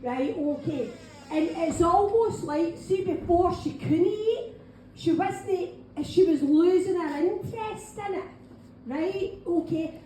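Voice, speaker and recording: A Scottish woman with a high voice gives a live mediumship reading in a pub function room. She chats to the audience and keeps saying "right, okay". The room is very echoey with a faint hum of noise behind her. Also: slow, dark tone. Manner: chatty, keeps saying "right, okay", calls people darling. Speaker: spiritual medium.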